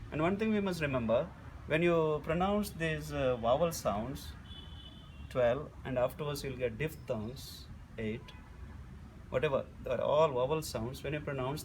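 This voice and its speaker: A man's voice: fairly high pitch, slight background noise. A man teaching a phonetics lecture, repeating his points and sounding out vowels one at a time. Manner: slow, repetitive, demonstrates vowel sounds aloud.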